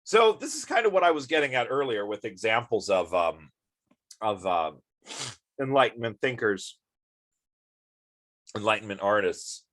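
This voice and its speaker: A man with a fairly low voice gives a casual philosophy lecture to his students. He sounds sleepy and rambles, leaning on lots of fillers and little asides. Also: big pitch swings, normal speed, long pauses, fairly bright tone. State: sleepy, yawning.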